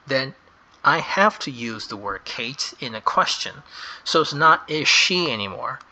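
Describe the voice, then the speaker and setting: A man walks through a grammar lesson at a very slow, deliberate pace. His voice is bright and sharp, and he leans on the key words as he explains. The delivery is patient and step by step. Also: mid-range voice, animated. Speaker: English grammar teacher.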